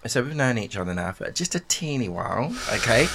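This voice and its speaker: A man's voice: medium pitch, very animated, a little fast, a bit bright, slight background noise. Playful radio presenter man. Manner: jokey, playful banter. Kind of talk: casual radio chat.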